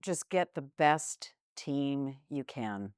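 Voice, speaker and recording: A woman's voice: a bass voice, expressive, slow pace, clear, resonant tone, no room sound, studio quality. A woman who owns a small business, talking frankly and animatedly in a casual interview and using fillers like "like" and "you know". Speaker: business owner, interview guest.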